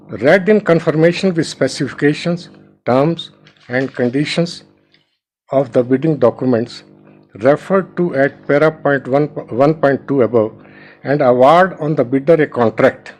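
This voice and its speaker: Indian advocate, deferential, slightly high voice. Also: male voice, darkish tone, faint music behind, poor audio. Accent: Indian English. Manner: reads legal clauses aloud, addresses the bench with deference; halting, restarts words. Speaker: advocate arguing a petition. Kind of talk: formal courtroom argument. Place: courtroom.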